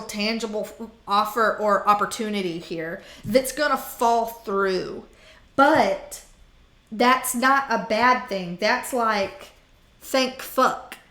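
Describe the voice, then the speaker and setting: A woman gives a casual tarot reading for the zodiac signs, chatty and blunt, full of fillers, swearing and laughs. Her voice sits on the higher side, and the room around her is echoey. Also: fairly bright tone. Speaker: tarot reader.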